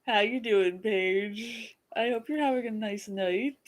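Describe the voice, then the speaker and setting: A woman's voice: mid-range voice, a little slow. Woman, watch-along host, casual chat, joking, laughs often. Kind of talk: casual chat over a movie.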